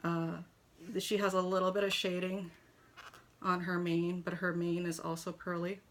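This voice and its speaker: A woman's voice: fairly low pitch, level tone, moderate pace, slight background noise. A woman chatting casually from her kitchen as she reviews a collectible model horse, gushing, with lots of fillers. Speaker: toy shop owner reviewing a model horse. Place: home kitchen.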